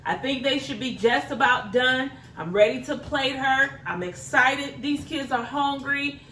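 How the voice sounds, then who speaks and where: Chatty mom cooking in a sizzling kitchen. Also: female voice, sits high, a little slow, bright, forceful tone, reverberant, far from the mic. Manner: chatty, apologetic, laughs at her own mistakes. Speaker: home cook, mother. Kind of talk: casual cooking vlog. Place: home kitchen. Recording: voice a little off-mic, noisy kitchen. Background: sizzling frying pan and clicks.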